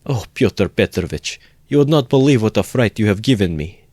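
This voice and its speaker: Frightened older mother, as a male reader puts her on, raised, exclaiming, loud and high-pitched, dry, close sound. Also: lively intonation, moderate pace, dry recording. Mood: alarmed. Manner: exclaiming in alarm. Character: fretful middle-aged mother, easily frightened.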